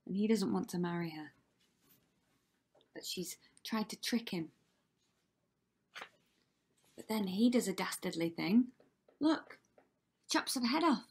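A woman's voice: mid-range voice, lively intonation, takes it slowly, long pauses, darkish tone, husky. A woman teacher reading a rhyming story aloud to children with dramatic delivery, often dropping to a whisper. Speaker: primary school teacher.

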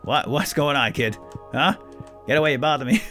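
A man hosting a casual let's play, joking and talking to the characters on screen. His voice is animated and swings widely in pitch, and soft background music plays beneath him. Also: normal speed, pauses often. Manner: animated, jokey, talks to game characters. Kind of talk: casual gameplay commentary.

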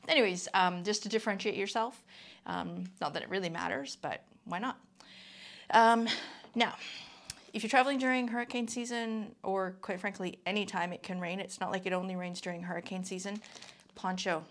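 A woman's voice: on the low side, steady tone, brisk. A middle-aged woman from Canada chatting casually through a product review, full of ums and friendly asides. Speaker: vlogger.

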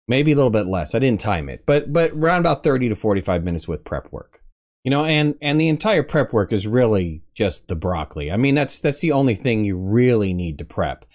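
A man's voice: fairly low pitch, big pitch swings, a little fast, a little mellow. Chatty joking man hosting cooking. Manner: chatty and joking, with self-mocking asides. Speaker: cooking show host. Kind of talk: casual cooking tutorial.

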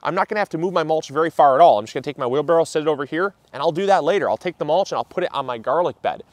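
A man hosting a gardening vlog, talking outdoors in an upbeat, chatty way and often pausing on fillers. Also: a little high, expressive, no echo. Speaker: gardening channel host. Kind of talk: casual instructional vlog.

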